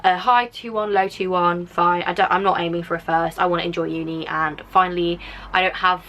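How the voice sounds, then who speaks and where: Reading and responding to viewer comments, a late-teen vlogger from England's Black Country talks casually in her Black Country accent, rambling with many fillers. Her lowish, slightly bright voice moves fairly quickly with fairly even intonation, in a rough recording.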